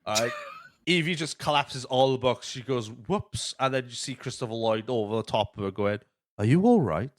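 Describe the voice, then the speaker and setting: A man's voice: mid-range voice, a little fast, fairly bright tone. A man hosting a podcast, chatting casually about a movie, swearing often and acting out quotes. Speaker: podcast host.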